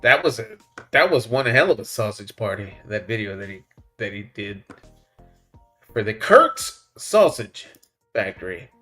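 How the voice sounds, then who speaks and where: Guy running a chill livestream, voice bouncing all over, chuckles a lot, some quiet music behind him. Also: on the low side, big pitch swings, measured pace, pauses often. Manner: laid-back, chuckles often, says "man" and "buddy" a lot. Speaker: livestream host reading chat. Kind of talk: casual live-stream chat.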